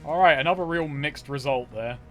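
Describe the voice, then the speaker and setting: A man's voice: on the high side, a little fast, soft background music. A man wisecracking with friends while playing a video game. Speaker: gaming streamer. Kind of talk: casual joking game commentary.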